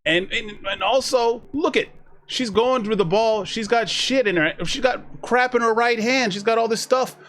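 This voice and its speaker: A man's voice: extremely high pitch, normal speed, a bit bright. A man talking casually to his chat while reacting to a video, rambling, restarting his sentences and acting out what other people said. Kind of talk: casual live reaction commentary.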